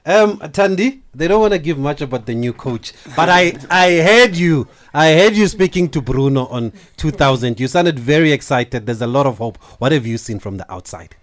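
A man with a fairly high voice that swings widely in pitch. He hosts a radio sports show, firing off questions and dropping quick acknowledgments as guests speak. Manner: lively questioning, brief backchannels. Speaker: host.

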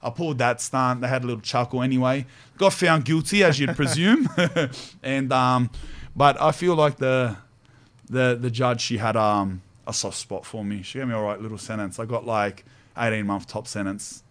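Australian male host, casual storyteller, slangy and animated, mid-range voice. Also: medium pitch, moderate pace. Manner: animated, slangy, laughs while telling stories. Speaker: podcast host.

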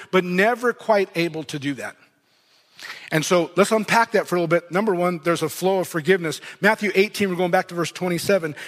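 A man's voice: high voice, fairly bright tone. A man preaching a sermon as pastor, reading scripture aloud and commenting on it in a conversational way. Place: church hall. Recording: long hall reverb.

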